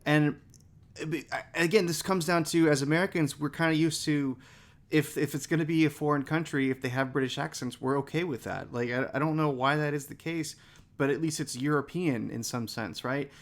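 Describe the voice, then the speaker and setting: Man, podcast co-host, casual chat, rambling, emphatic, fairly high pitch. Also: fairly quick.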